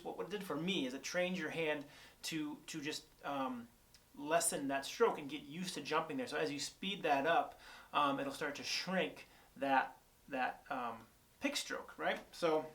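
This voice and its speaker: A young guitar teacher casually explains picking technique in a voice on the high side, a bit bright, at normal speed. He thinks aloud with lots of fillers and restarts, and guitar playing comes between phrases on the on-camera shotgun mic recording.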